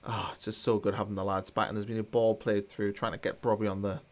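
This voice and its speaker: This fast-talking man has a lowish voice with little pitch movement. Hosting a live football watchalong, he chats casually and reads viewer comments aloud with dry, mild sarcasm.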